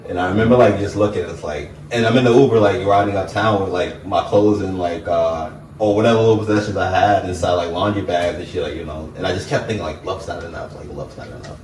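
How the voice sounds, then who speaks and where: A young man, an interview guest telling a personal story in a relaxed, reflective way, full of "like" fillers. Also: sits low, fast, few pauses, distant mic. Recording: echoey room, mic set back, faint hiss.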